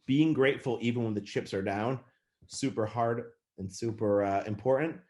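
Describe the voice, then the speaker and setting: A man in his thirties giving a fast, passionate motivational talk to managers on a call, with frequent restarts. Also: medium pitch, darkish tone. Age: 30s. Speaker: real estate team leader speaking to managers.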